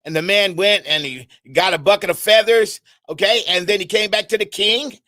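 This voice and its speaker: This middle-aged man has a high, light voice and a lively, preaching delivery, firing rhetorical questions and circling back over his own phrases. The recording is close and dry, with no room sound around him. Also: moderate pace, no room sound. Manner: animated, conversational, asks the audience questions; repeats words and restarts often. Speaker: speaker on an internet radio talk show. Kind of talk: preaching-style talk on communication.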